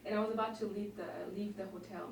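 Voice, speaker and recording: A woman's voice: mid-range voice, fast. A woman from Germany, an exchange student guest, chatting and telling stories animatedly in English. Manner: chatty, animated storytelling, laughs. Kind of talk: casual interview. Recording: echoey room, distant mic, faint noise.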